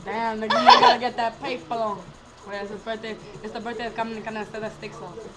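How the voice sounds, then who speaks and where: A woman's voice: on the high side, expressive, fast talker, very noisy. Giddy wired young woman on a webcam. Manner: giddy, rambling, cursing, laughing between lines. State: over-caffeinated. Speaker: vlogger. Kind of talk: hyper casual webcam chat. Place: room at home.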